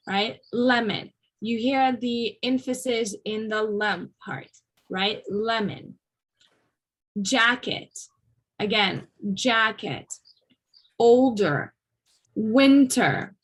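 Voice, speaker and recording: Slow, deliberate woman teaching pronunciation. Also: fairly high pitch, fairly bright tone, rough recording. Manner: checks in often with "right?" and models words slowly for the class to repeat. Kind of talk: classroom pronunciation lecture. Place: classroom with students.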